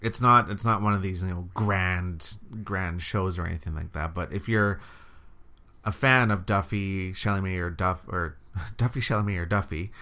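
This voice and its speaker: A man chatting casually as a co-vlogger, easygoing and explaining with halting restarts. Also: low-pitched, sharp tone. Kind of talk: casual chat.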